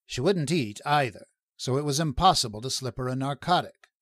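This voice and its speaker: A man's voice: medium pitch, expressive, brisk, dry recording, clean studio sound, natural voice. A man reading the lines of a cold, disapproving prison superintendent, icy and easily flustered.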